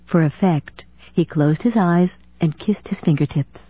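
A woman narrating a romance audiobook in a steady, even storytelling manner with a husky voice. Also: lowish voice, measured pace, no room sound. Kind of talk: scripted narration. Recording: dry tinny phone-like sound.

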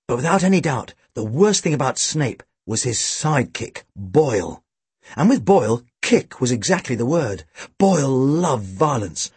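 A man narrating a storybook with a dry, wry, expressive delivery. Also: medium pitch, moderate pace, husky, dry recording. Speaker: audiobook reader.

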